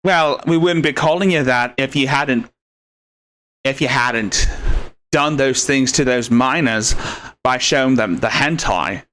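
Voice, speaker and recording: A man hosting a live commentary stream, his tone bright and forceful as he mocks his subject. He rambles on in a sarcastic, scornful way at a middling pitch. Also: measured pace. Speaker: commentary host.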